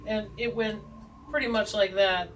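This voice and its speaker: A woman's voice: medium pitch, steady tone, moderate pace, distant mic, background noise. A woman hosting a tarot video, chatting in a rambling, joking, self-deprecating way with plenty of asides. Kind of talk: rambling casual chat. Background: faint background music.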